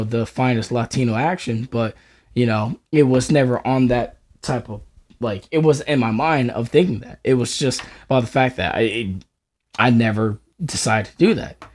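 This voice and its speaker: A man's voice: mid-range voice, darkish tone. A man co-hosting a podcast, telling a story in a rambling way, full of filler words and swearing. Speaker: podcast co-host. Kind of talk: casual storytelling chat.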